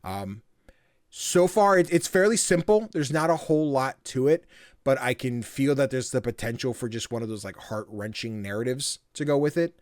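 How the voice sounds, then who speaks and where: A man's voice: mid-range voice, normal speed, dry recording, clean studio sound. Rambling man in casual podcast chat. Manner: rambling, full of fillers and acted-out quotes. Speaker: podcast co-host.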